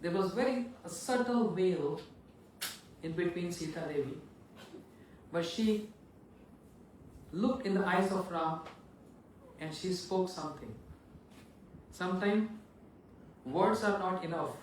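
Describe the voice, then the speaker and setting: A monk preacher telling a sacred story in a dramatic, animated sermon. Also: male voice, sits high, slow, long pauses, distant mic. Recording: echoey hall, voice from afar, faint noise.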